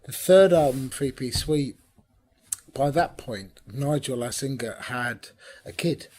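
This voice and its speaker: A man being interviewed about his band, telling stories in a chatty, lively way, sometimes dropping to a whisper for emphasis. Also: medium pitch. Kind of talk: casual anecdotal interview.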